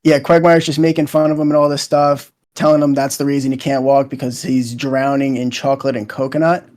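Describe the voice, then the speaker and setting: A man's voice: mid-range voice, little pitch movement, brisk, darkish tone. A young man chatting casually as a co-host, retelling scenes in a loose, rambling way with lots of fillers. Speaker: show co-host.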